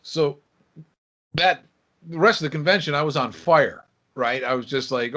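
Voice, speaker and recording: A man's voice: on the high side, normal speed, pauses often. A man in his sixties telling stories casually as a podcast guest, acting out the dialogue of the people in them. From Michigan, USA. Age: 60s. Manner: lively storyteller who acts out quoted dialogue. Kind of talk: casual interview storytelling.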